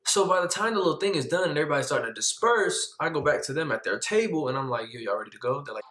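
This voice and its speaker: Young male vlogger, dramatic storyteller, roomy sound. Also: quick pace. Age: young adult. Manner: dramatic, jumps to high pitch when excited. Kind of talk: animated story time.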